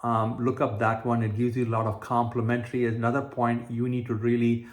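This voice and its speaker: A man of ordinary pitch talks through a motivational self-help lesson in an earnest, repetitive way. He leans on simple everyday examples and stumbles into fillers and restarts. His voice carries a roomy echo. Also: monotone, a little fast. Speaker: manifestation coach.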